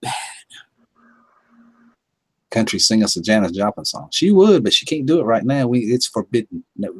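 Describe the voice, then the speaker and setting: A man's voice: fairly low pitch, very animated, moderate pace, slightly rough, no echo. A man hosting a casual home livestream, chuckling often and greeting chat viewers by name. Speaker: livestream host.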